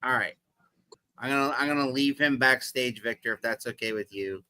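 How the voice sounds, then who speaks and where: Bright-voiced man hosting a live show. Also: medium pitch, moderate pace, clear, resonant tone, no room sound, rough recording. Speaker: host. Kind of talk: casual interview chat.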